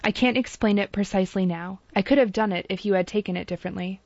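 A woman's voice: mid-range voice, fast talker, a little mellow, no echo, natural voice. A woman reading the part of an earnest young man who pleads apologetically with his cousin in an audiobook. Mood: pleading. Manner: imploring, apologetic. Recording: dull dry lo-fi recording.

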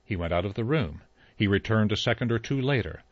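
A man narrating an audiobook in an even, unhurried storytelling manner. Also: on the low side, slightly rough, no echo. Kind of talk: scripted narration. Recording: slightly dull dry recording.

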